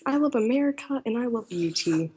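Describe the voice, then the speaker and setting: A woman's voice: on the high side, expressive, fairly quick, dark tone. A woman calling in to a show, talking in a sweet, effusive and pleading way. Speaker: caller. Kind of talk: casual call-in chat.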